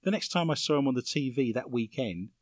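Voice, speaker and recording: A man's voice: mid-range voice, expressive, a little fast, no room sound. A man hosting a comedy podcast, reading odd news stories with dry jokey asides. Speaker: podcast host.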